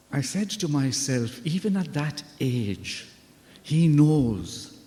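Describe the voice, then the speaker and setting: Guy telling stories to a school crowd, slow and mellow, lots of hall echo. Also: mid-range voice. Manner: earnest, unhurried storyteller. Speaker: religious brother giving a talk to students. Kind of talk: storytelling address. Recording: long hall reverb.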